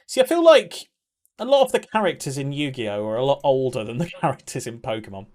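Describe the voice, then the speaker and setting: A man's voice: mid-range voice, very animated, quick pace, a little mellow. Chatty man streaming live. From England. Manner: chatty, laughs often, reacts to chat. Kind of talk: casual live-stream chat.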